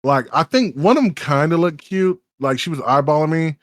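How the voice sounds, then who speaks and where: A man's voice: fairly high pitch, expressive, moderate pace, no echo. A man with a Texas accent co-hosting a podcast, rambling in casual chat with lots of swearing and restarts. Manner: rambling, profane, many restarts. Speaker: podcast co-host.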